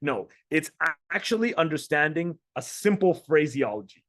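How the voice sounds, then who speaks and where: On a group call, a men's coach talks casually and bluntly to the other men in a motivational way, swearing now and then and repeating words. His voice sits on the high side with a sing-song lilt and a slightly bright tone, at normal speed. The studio-quality recording has no echo.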